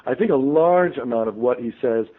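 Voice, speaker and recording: A man's voice: mid-range voice, lively intonation, fairly quick. A man, a radio show guest, telling a long story in a rambling way full of ums and restarts. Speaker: interview guest, author. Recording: tinny phone line.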